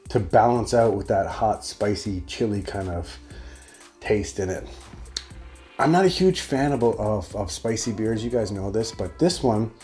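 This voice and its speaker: A man's voice: on the low side, dark tone. A man giving a chatty, rambling solo beer review.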